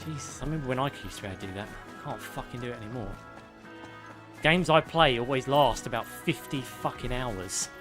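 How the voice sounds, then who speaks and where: A man's voice: mid-range voice, a little fast, over music. A man with a British accent giving casual live commentary over a game, chatting with viewers and swearing freely. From United Kingdom. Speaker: game streamer.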